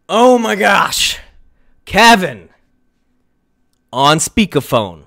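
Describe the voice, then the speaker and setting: A man leaving comedic voicemails on a stream, his delivery mock-dramatic and theatrical, breaking into exaggerated outbursts. His pitch leaps and dips widely, and his base pace is slow and drawn out. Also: very animated, a bit bright. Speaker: streamer prank-calling a scammer.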